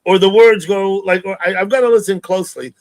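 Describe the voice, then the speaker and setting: A man's voice: sits high, fairly even intonation, brisk, no echo. A man hosting a live stream, chatting casually in an easygoing way and greeting viewers by name.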